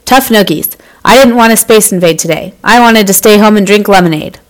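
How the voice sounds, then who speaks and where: A glum space invader who drones along in a bored, flat manner, as a woman reads him. It sits inside a gentle children's story podcast. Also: mid-range voice, brisk, natural voice. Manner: bored, droning.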